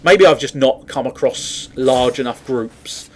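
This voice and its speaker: A man's voice: mid-range voice, expressive, unhurried. A man giving casual, rambling commentary while playing a game, swearing freely and laughing at himself. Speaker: gaming commentator.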